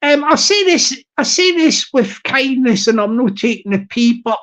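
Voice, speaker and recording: A man's voice: very high voice, lively intonation, normal speed, a bit bright. A man from Southwest England, chatting casually on a livestream in a rambling, jokey way that keeps circling back on itself. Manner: rambling, jokey, repeats himself.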